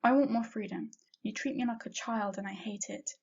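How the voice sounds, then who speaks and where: A woman's voice: medium pitch, a little fast, gravelly, darkish tone, slightly rough. A woman voicing a sassy teenage girl who begs and pleads eagerly, in a dull lo-fi recording. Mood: demanding.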